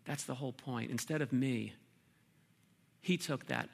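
A man preaching a sermon as pastor, earnest, with pauses and repeated words. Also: medium pitch, gravelly.

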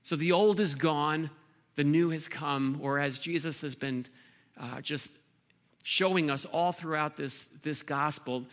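Male pastor, sermon delivery, bright forceful tone, gravelly texture. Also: fairly high pitch. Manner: earnest preaching with pauses and repeated words.

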